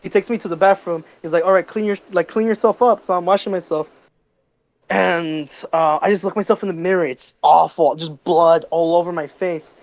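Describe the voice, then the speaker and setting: A teenage boy casually telling a story on a podcast, animated and cursing freely. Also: high-pitched, a little fast, dull audio. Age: teens. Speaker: podcast co-host.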